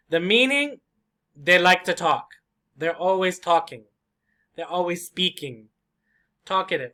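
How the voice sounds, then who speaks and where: A man teaching English vocabulary and pronunciation, repeating each word slowly for drilling. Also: high voice, lively intonation, bright, forceful tone. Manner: acts out short example conversations.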